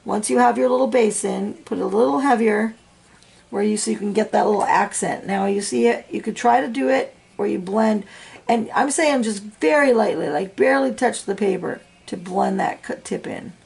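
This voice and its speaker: A woman teaching a coloring lesson, talking through each step in a soft, chatty way with plenty of fillers. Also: medium pitch, moderate pace, vocal fry, husky. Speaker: coloring instructor. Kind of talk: real-time art tutorial.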